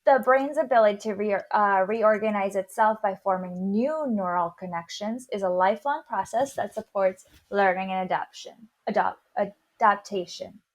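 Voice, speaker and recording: A woman's voice: mid-range voice, moderate pace, few pauses. A woman podcast host with a slight lisp, explaining a science topic in casual chat and stumbling over long words as she goes.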